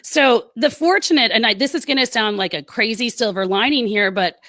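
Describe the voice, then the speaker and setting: A woman, a military spouse telling her story in a podcast interview, earnest and quick with asides. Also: a little high, a bit bright, dry recording. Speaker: guest, military spouse advocate.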